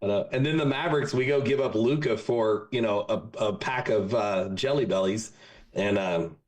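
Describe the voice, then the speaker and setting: A man's voice: fairly low pitch, normal speed. A man in his forties from Texas, a podcast guest in casual chat, an easygoing, jokey storyteller. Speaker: podcast guest, marketing consultant.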